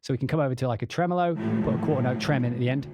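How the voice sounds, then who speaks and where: A young English man hosting a casual livestream, demoing music software, chatty and swearing as he laughs off his mistakes. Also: mid-range voice, rapid-fire.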